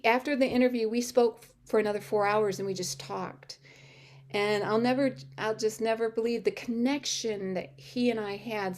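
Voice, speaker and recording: A middle-aged woman telling her personal testimony to a church audience, acting out quoted dialogue in an animated way with sudden high-pitched exclamations. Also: slight background noise.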